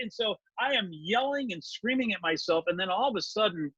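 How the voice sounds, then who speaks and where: A high-voiced man with a bright, husky tone tells a story on a podcast interview. He talks animatedly and acts out what he said back then. The recording is dry and a bit dull. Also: fairly quick, few pauses, no echo. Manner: animated, acts out his own past lines. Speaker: guest.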